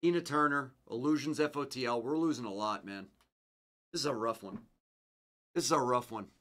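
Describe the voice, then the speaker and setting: Joking card-break host, mournful. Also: male voice, fairly quick. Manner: mournful and joking, swinging from low mutters to loud food cravings. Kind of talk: casual live card-break chat.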